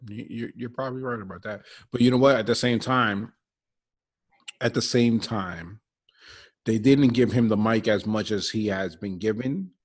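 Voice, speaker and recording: A man talking casually about wrestling as a podcast co-host, animated and rambling, often repeating himself. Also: lowish voice, moderate pace.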